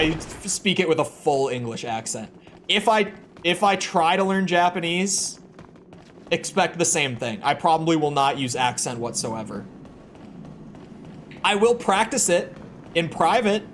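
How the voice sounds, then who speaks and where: A man's voice: fairly high pitch, lively intonation, normal speed, a bit bright. Rambling young American man streaming. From United States. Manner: rambling, repeats words when starting sentences. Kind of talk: casual chat with stream chat. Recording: clear background noise.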